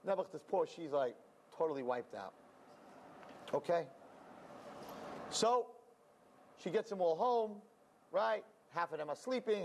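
Male storyteller, animated, higher-pitched voice, Yiddish-peppered delivery. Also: slight background noise. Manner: animated, sprinkled with Yiddish words. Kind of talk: told story.

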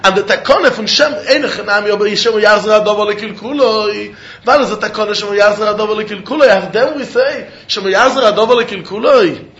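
A man teaching Talmud in a lecture, working through questions and answers in an animated sing-song study chant. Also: high-pitched, brisk. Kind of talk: Talmud lecture in Yeshivish English. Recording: dull echoey room recording.

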